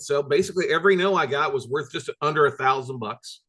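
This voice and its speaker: A man's voice: on the high side, quick pace, hardly any pauses, sharp tone. A man hosting a recorded business workshop, telling stories in a blunt, emphatic, repetitive way with mild swearing. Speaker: workshop host and note-buying coach.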